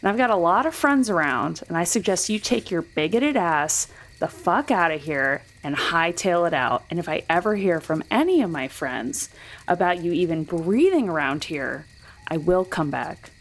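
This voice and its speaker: A woman playing a defiant monster hero in a tabletop game, speaking slowly with quiet menace. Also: on the low side, lively intonation. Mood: menacing.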